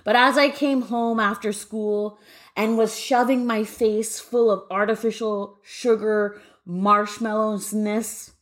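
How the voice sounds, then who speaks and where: A woman's voice: medium pitch, slow. A young woman who grew up in Canada, telling a funny childhood story with playful voices. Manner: lively comic storytelling with mock voices. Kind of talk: told personal story.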